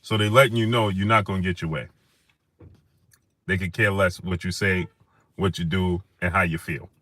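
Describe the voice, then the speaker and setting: A man hosting a live stream, shouting out viewers by name and repeating phrases for emphasis as he rises to heated outrage. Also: deep voice, fairly even intonation, normal speed, dry recording.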